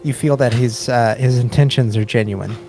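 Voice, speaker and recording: A man running a tabletop game as dungeon master, narrating slowly with many pauses and fillers. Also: medium pitch, steady tone, a little mellow, faint music behind. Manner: slow, hesitant with fillers.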